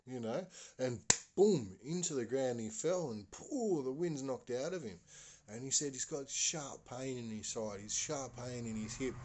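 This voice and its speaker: A man's voice: medium pitch, a little mellow, a little hiss or hum. A man, a podcast host telling a story in a rambling, hesitant way with many fillers. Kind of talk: casual spoken storytelling.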